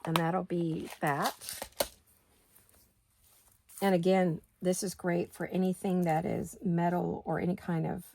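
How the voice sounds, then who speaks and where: A middle-aged woman with a slightly low, gravelly voice talks through her crafting in a relaxed, chatty way. She thinks aloud as she goes, questioning herself and then moving on. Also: a little slow, long pauses, background noise. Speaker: craft video host. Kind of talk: casual craft-along chat.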